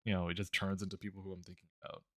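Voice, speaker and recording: Rambling low-voiced man chatting while drawing. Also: little pitch movement, very fast, pushed and bright, no echo, clean studio sound. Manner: rambling, laughs often, many fillers and restarts. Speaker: streamer. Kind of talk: casual chat while drawing.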